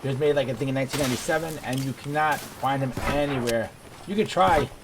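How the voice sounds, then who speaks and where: A man's voice: mid-range voice, fast. A man giving rambling, digressive commentary while he plays a game. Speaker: gaming video creator. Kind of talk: casual gameplay commentary. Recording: background noise.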